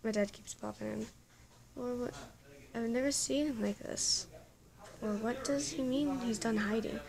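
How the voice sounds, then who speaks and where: A woman's voice: fairly high pitch, unhurried, gravelly, crowd noise. Woman stumbling through reading a story. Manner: stumbling reading with frequent self-corrections; breaks off into laughing, exasperated asides. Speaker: story reader. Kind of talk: reading a fan story aloud with reactions.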